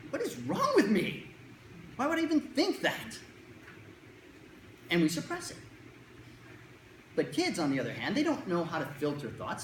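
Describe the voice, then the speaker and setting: Presenter talking to parents, jokey and chatty, voice jumps around a lot, echoey room with a bit of hiss. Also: mid-range voice. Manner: conversational, jokey, acts out quotes. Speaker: presenter on child anxiety. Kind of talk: lecture to parents. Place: lecture room with an audience. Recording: roomy echo, faint room noise.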